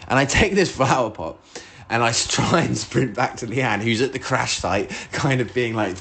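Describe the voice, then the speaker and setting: A man's voice: medium pitch, lively intonation, moderate pace, vocal fry, a bit bright, slight background noise. A man hosting a solo podcast, telling a rambling story with lots of swearing and acted-out outbursts of his own. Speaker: podcast host.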